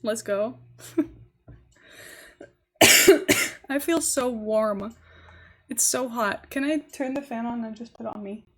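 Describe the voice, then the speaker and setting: A woman's voice: fairly high pitch, slow, long pauses, a bit bright. A young woman with a posh English accent, chatting casually and giggling as she streams a game. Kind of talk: casual live-stream chat while gaming.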